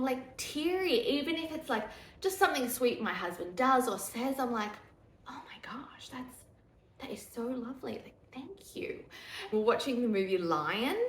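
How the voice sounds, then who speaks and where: A young woman, pregnant, chatting casually and candidly to camera, laughing easily and dropping into a hushed voice for asides. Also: fairly high pitch. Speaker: vlogger. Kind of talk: casual pregnancy update chat. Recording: echoey room.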